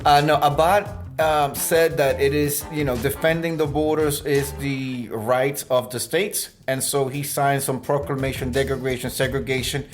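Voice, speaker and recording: A man's voice: medium pitch, steady tone, moderate pace, hardly any pauses, faint music behind. A man co-hosting a casual podcast, talking through the week's political news with a rambling, joking delivery and lots of fillers. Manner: rambling, joking, breaks into laughter, mock newscaster bits. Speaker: podcast co-host. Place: room with blue lighting.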